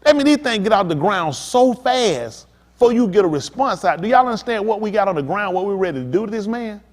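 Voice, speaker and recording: A man's voice: high-pitched, expressive, fairly quick. A male pastor preaching a sermon, talking straight to the congregation with emphatic, pressing questions. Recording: long hall reverb.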